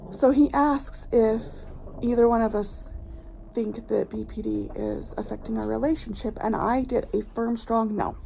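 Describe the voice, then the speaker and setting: A woman's voice: fairly high pitch, steady tone, moderate pace, gravelly, mellow, slight background noise, poor audio. A woman vlogger telling a personal story in a blunt, passionate, candid way, swearing freely. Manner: candid, recounting events with strong feeling. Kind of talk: casual vlog storytime.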